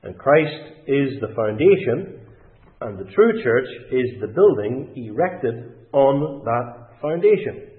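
Male preacher, measured and emphatic, heard over a thin phone-like line. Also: mid-range voice, sing-song. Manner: deliberate, emphatic, with rising stresses. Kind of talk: sermon. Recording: tinny phone-like sound in an echoey room.

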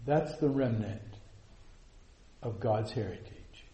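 Slow, echoey preaching man. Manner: swings from hushed low lines to loud soaring quotes; slow, drawn-out emphatic delivery. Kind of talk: sermon.

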